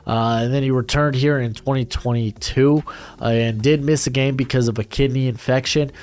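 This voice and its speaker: A man's voice: medium pitch, fairly even intonation, moderate pace, a little mellow, smooth. A young adult man giving a casual, rambling breakdown of football draft prospects, full of fillers, restarts and blunt asides. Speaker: NFL draft analyst.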